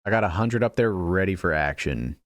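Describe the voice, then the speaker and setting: A young man's low-sitting, expressive voice moves a little fast as he casually narrates his strategy game for his gaming channel. He thinks out loud, ribs himself for misplays and restarts often. It's a dry, studio-quality recording.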